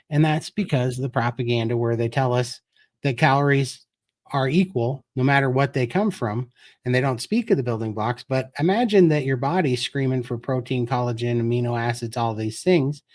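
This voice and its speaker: A man's voice: medium pitch, darkish tone. A man as a guest on a live-stream chat, talking earnestly and explaining things step by step. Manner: earnest, explanatory, tells his story.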